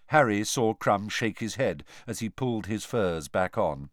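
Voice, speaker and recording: A man narrating an audiobook with expressive storytelling, shifting voices for the characters. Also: lowish voice, measured pace, hardly any pauses, no echo, clean studio sound.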